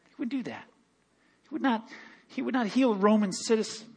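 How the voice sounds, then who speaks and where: Male pastor, high voice, animated sermon delivery, long hall reverb. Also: brisk, husky. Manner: animated preaching with laughs and quoted voices. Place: church sanctuary.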